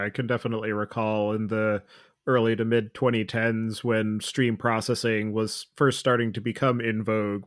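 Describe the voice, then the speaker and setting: A man hosting a tech interview podcast, asking long, measured questions. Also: lowish voice, no room sound, clean studio sound. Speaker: podcast host. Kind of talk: interview host.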